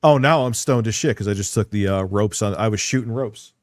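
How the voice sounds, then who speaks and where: A man's voice: fairly low pitch, a little fast. A man giving casual live-stream commentary on a video about himself, rambling, swearing and mocking himself. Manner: rambling, profane, self-mocking.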